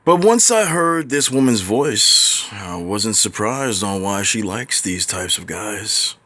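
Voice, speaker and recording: A man's voice: on the low side, lively intonation, slow, bright, forceful tone. A man giving blunt, profane, opinionated reaction commentary in a ranting manner. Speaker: commentary vlogger.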